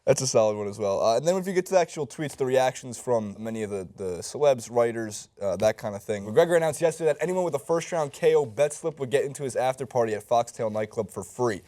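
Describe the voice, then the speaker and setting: A man in a casual sports chat, reading out online reactions in a mid-pitched voice and dropping dry, wry asides. He is relaxed and conversational. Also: fast talker, few pauses. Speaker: sports show co-host.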